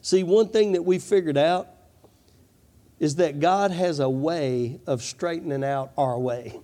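A man's voice: a little high, a little slow, mellow. A man preaching a fervent sermon, repeating "come on" and "I'm telling you" as he presses his points. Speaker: pastor.

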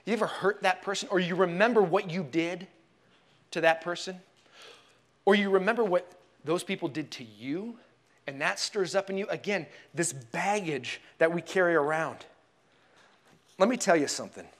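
A man preaching a sermon in a church, telling the story expressively and dropping to hushed tones for emphasis. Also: sits high, moderate pace, long pauses. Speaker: pastor.

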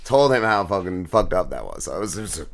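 A man's voice: low-pitched, very animated, fast talker, gravelly. A man co-hosting a podcast, talking loosely and swearing constantly as he retells a TV episode. He rambles and doubles back on himself, piling up filler words while he chases the plot. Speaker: podcast co-host. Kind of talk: casual chat.

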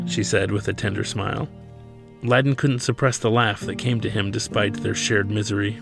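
Male author reading his own novel, with a low gravelly voice and a measured pace, over faint music. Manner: steady, measured storytelling.

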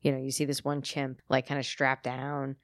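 A woman's voice: a bass voice, completely flat delivery, moderate pace, no room sound, studio quality. A woman co-hosting a podcast, chatting casually, blunt and jokey with frequent laughter. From Italian heritage. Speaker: podcast co-host. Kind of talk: casual chat.

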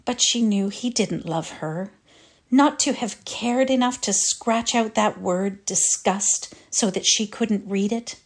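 A woman reading a classic short story aloud with measured, expressive storytelling. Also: mid-range voice. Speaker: reader.

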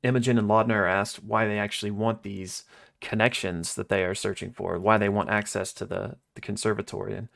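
A man co-hosting a podcast, recapping a story episode in a loose, casual way with many pauses and quoted lines. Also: on the low side, steady tone, creaky, fairly bright tone.

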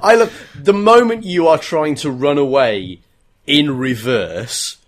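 A husky-voiced man chatting casually on a podcast, tossing in wry jokes and dry commentary. He often drops into mock voices for a quick gag. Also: a little high, lively intonation. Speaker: podcast co-host. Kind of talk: casual chat about a novel.

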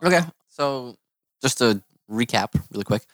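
A woman's voice: a bass voice, expressive, moderate pace, no echo, clean studio sound. A woman player chatting casually during a tabletop game. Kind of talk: casual chat.

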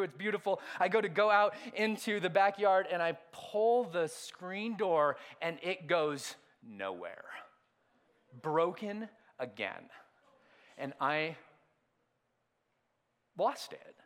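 High-voiced animated male pastor. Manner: animated storytelling, swings from loud outbursts to hushed asides. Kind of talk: sermon.

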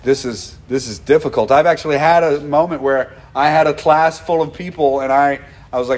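A man preaching a conversational, animated sermon as a pastor. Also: a little high, a little fast, few pauses. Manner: animated, conversational, acts out quoted dialogue.

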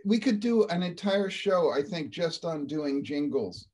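A man's voice: on the high side, lively intonation, unhurried, darkish tone. Man chiming in as a chatty host. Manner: brief encouraging interjections. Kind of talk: casual chat.

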